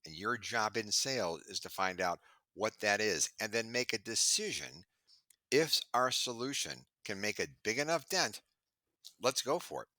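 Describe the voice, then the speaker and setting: A middle-aged man on a video call chatting in an interview, telling stories with lively acted-out quotes. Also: fairly low pitch, moderate pace, no echo. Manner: animated storyteller, acts out quoted voices. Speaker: sales trainer and podcast guest. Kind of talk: casual interview chat.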